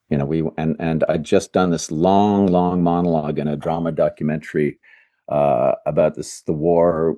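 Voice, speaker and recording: An older man, a voice actor appearing as a guest, answers interview questions earnestly and reflectively, often searching for words. His voice is deep and warm.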